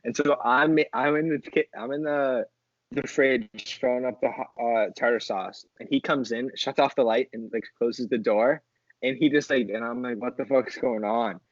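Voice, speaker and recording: A young man on a casual podcast tells a story in a halting way, stopping and restarting his sentences. His voice is mid-pitched and recorded dry and slightly dull. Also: dry recording. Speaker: podcast co-host.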